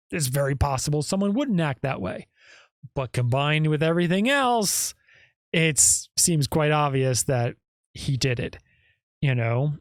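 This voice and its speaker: A man's voice: on the high side, no echo, studio quality. A male podcast host giving emphatic casual commentary and often tagging his points with "okay?" or "right?".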